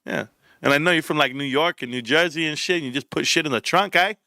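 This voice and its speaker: Joking stream host guy, bright, swears a lot, kinda high, dry close sound. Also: fast, no room sound. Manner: profane, rambling, joking, laughs loudly. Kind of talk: casual live stream chat.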